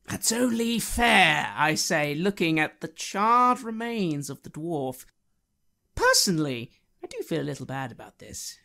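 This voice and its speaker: A woman's voice: low voice, unhurried. A woman player describing her character's actions in a tabletop role-playing game, playfully. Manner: lively, playful player narration.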